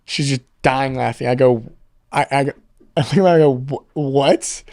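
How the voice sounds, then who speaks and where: A man's voice: medium pitch, unhurried, a little mellow, dry recording, clean studio sound. Young man telling a rambling, profane story. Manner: rambling storyteller, swears freely, many fillers. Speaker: podcast guest. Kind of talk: casual podcast chat.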